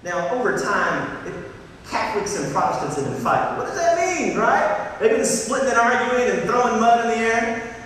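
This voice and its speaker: A man preaching a sermon, animated and building to impassioned peaks. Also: very high voice, moderate pace. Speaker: pastor. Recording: echoey hall from far off, faint noise.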